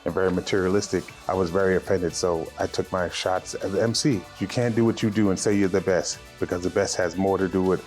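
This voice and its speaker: A man from Harlem, New York, a rapper giving firm, measured interview answers. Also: low-pitched, fairly even intonation, darkish tone, soft background music. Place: radio studio.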